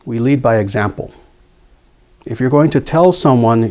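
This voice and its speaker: A man's voice: medium pitch, brisk, a little mellow. A man giving a spiritual lecture, earnest, telling a story and repeating key phrases for emphasis. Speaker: spiritual teacher.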